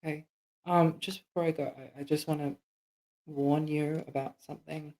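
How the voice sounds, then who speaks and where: A man playing a character in a tabletop game, speaking hesitantly and haltingly. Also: on the high side, little pitch movement, a little mellow, rough recording. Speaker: player.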